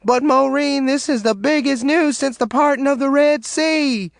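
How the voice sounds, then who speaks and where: A man's voice: very high-pitched, slow, vocal fry, dry recording, studio quality, voice pushed up, exaggerated voice. Man doing a shrieking gossip woman. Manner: shrieking, moaning.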